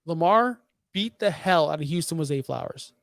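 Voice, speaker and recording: A man's voice: fairly high pitch, lively intonation, moderate pace, gravelly, fairly bright tone, no echo, studio quality. A man co-hosting a fantasy football podcast, talking in a fired-up, emphatic, ranting way. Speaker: podcast co-host. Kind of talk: heated fantasy football talk.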